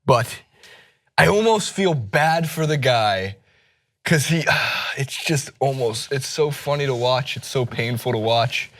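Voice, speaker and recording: A man's voice: medium pitch, animated, unhurried, a bit bright. A man from the United States co-hosting a sports talk show, teasing and laughing. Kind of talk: casual chat.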